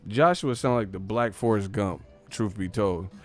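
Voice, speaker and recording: A man's voice: lowish voice, normal speed, dry recording, faint music behind. Profane, joking man from the Bay Area. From Bay Area, California. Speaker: live-stream host. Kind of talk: casual live-stream commentary.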